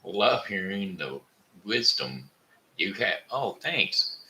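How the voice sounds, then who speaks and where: Brief: man hosting a live stream, slow and rambling, gravelly low voice. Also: big pitch swings, pushed and bright, low-quality recording. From Missouri, USA. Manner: rambling and halting, with many fillers and restarts. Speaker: livestream host reading chat. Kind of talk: casual live-stream chat.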